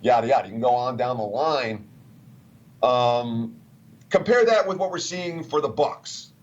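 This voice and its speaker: A man's voice: medium pitch, a little slow. Chatty betting analyst man, lo-fi sound. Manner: chatty, reads out quotes.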